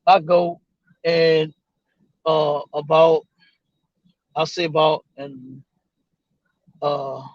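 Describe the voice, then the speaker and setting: A man, a guest on the show, telling a story in a loose, animated way, acting out other people's lines and swearing freely. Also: high-pitched, no echo, dull audio. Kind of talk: casual storytelling.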